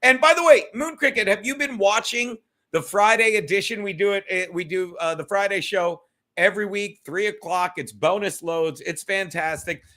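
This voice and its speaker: A man's voice: sits high, moderate pace, pushed and bright. A man hosting a casual solo livestream from his home, rambling loosely with plenty of swearing and talking straight to his viewers. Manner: loose, profane, rambling, talks to chat. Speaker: livestream host. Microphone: streaming setup.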